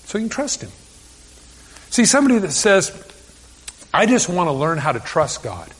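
Male pastor, sermon delivery, earnest conversational tone with stammered restarts; high voice, long reverb of a church hall. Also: sing-song, moderate pace, fairly bright tone, husky.

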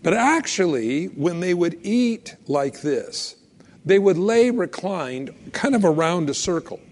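A man preaching a sermon in a casual, animated way, acting out little scenes and quotes as he goes. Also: sits high, takes it slowly. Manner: animated, conversational, acts out quotes. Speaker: pastor. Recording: long hall reverb.

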